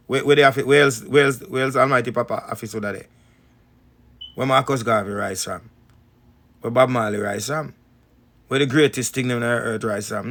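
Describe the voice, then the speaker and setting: Casting: Jamaican man, gravelly, slightly high, emphatic spiritual teacher. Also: fairly bright tone. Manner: repetitive, emphatic, rhetorical questions. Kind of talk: preaching talk to followers.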